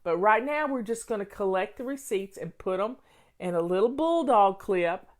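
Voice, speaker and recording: An older woman from Tennessee speaks with a warm Southern accent. She chats casually and folksily, drifting into homespun stories. Her pitch sits in a plain middle range. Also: lively intonation, normal speed. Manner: folksy, chatty storyteller. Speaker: home organizing host. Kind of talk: casual chat.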